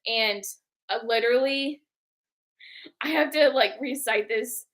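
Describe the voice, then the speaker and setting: A woman's voice: fairly high pitch, slow. A young woman co-hosting a book club livestream, chatting casually and acting out quotes as she tells stories. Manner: animated storyteller who acts out quotes.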